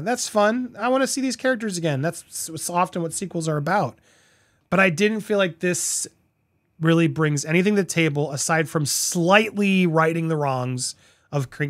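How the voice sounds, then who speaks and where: High-voiced man reviewing a film. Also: no room sound, clean studio sound. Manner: conversational, rambling with restarts and asides; animated, voices other people's reactions. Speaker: movie reviewer. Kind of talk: casual spoken film review.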